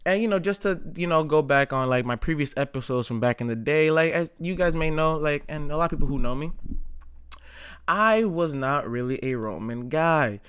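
Slightly high and a bit bright, this man's clean-toned voice moves at normal speed with lively intonation. He hosts a wrestling commentary show, chatting opinionatedly with lots of "like," slang and cursing.

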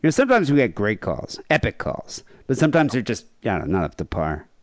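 A man's voice: on the low side, huge pitch swings, a little fast, dry recording, faint music behind. A man hosting a podcast, chatting casually and reading out case notes with wry, dry commentary. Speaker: podcast host.

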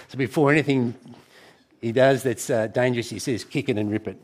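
A middle-aged man preaching a sermon to a church gathering, conversational and warm in tone, with frequent restarts. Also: medium pitch, a little fast.

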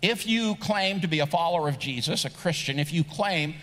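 A man's voice: a little high, expressive, a little fast, a bit bright. A middle-aged man preaching a sermon as pastor, conversational and joking, building to emphatic rising points. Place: large church sanctuary. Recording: long reverb of a large church hall.

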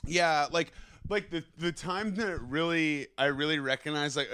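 A man from the Bay Area hosts a loose conversation, excitable and quick to swear. His voice is bright and forward. The sound is dry and close. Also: fairly high pitch, clean tone, no echo. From San Francisco Bay Area. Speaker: podcast host. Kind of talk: casual interview chat.

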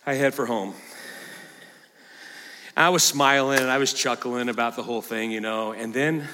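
An older man, a pastor, preaching a sermon and telling a story in an animated way, at times mimicking a squealing child. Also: medium pitch, moderate pace, in a large hall.

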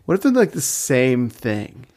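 A man's voice: medium pitch, very animated, unhurried, a little mellow. A young adult man co-hosting a casual podcast chat, rambling and laughing often mid-sentence. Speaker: podcast co-host.

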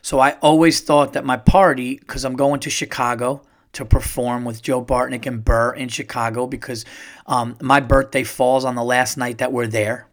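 A middle-aged man hosting a podcast, telling a long personal story in a rambling, excited way and swearing often. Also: mid-range voice. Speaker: podcast host. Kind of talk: casual storytelling monologue.

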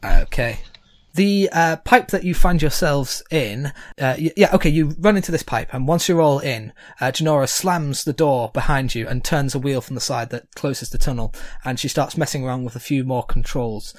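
A man's voice: mid-range voice, moderate pace, no echo. Guy running a tabletop game, chatty, lots of uhs, dry close sound. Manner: chatty, hesitant narration with many fillers. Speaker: game master.

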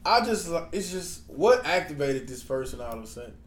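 A man's voice: fairly high pitch, big pitch swings, fairly quick. A man talking bluntly in a casual chat, swearing freely and rambling with restarts. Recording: roomy echo, faint background noise.

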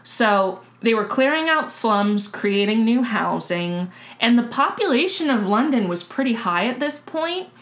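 A woman's voice: a little high, sing-song, a little slow, few pauses, fairly bright tone. A woman co-hosting a casual history chat, telling the story with lots of fillers and restarts. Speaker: podcast co-host.

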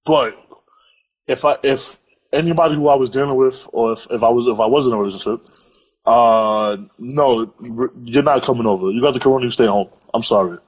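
A young man co-hosting a podcast over a phone live stream, teasing and animated. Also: mid-range voice, husky, poor audio. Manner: animated, teasing, quick to laugh. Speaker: podcast co-host. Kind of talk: casual chat. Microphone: phone on an Instagram live stream.

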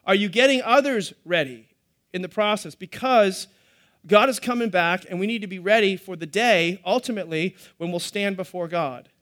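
A man's voice: sits high, normal speed, a bit bright. A middle-aged man, preaching a sermon to a live congregation in a conversational way with joking asides. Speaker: pastor.

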